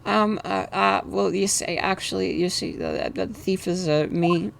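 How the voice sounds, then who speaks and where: Man doing a jittery young man who screams his own guilt, voice cracking high. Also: steady tone, measured pace, vocal fry, noisy background, full character voice. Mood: stammering. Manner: shrieking then stammering meekly.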